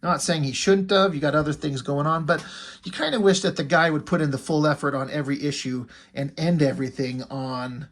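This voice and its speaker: A man's voice: a little high, fairly even intonation, a little fast. A man giving a casual, rambling comic book review, full of "like" and "you know" and blunt, mocking asides. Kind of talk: casual video commentary.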